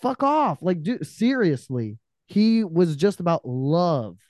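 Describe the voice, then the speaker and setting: A man with a fairly high but warm, mellow voice rants as a podcast guest, heated and emphatic and swearing freely. The sound is dry and close, with no room echo. His delivery is casual and blunt. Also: big pitch swings, takes it slowly. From Romanian family background. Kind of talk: casual, profane podcast rant.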